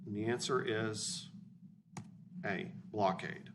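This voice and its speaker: Blunt low-voiced male history teacher. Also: slow pace. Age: 40s. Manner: blunt, informal, checks in with "okay?". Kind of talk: recorded classroom lecture. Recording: distant mic with room noise.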